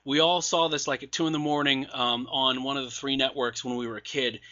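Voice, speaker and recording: A man's voice: medium pitch, fairly even intonation, brisk, bright, forceful tone, muffled recording. A man casually reviewing new releases with sarcastic asides and many fillers and restarts, his voice wearing out. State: losing his voice. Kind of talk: casual podcast commentary.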